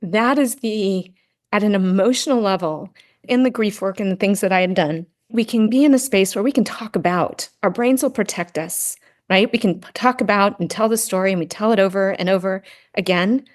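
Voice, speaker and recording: A woman's voice: mid-range voice, moderate pace. A middle-aged woman, a podcast guest, telling a personal story earnestly in casual conversation and often adding "right?" to check in. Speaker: podcast guest, grief and Gestalt practitioner.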